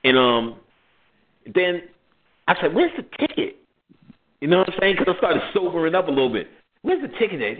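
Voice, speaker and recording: Over phone-like lo-fi audio, a man with a New York accent hosts a radio show, telling a story casually at a moderate pace in a medium-pitched voice. He gets animated, acting out the other voices and laughing.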